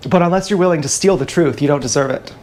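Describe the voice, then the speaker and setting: A man's voice: a little high, fast talker, darkish tone, slight background noise. A man streaming live, talking in a rambling comic monologue full of restarts and asides. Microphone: action camera.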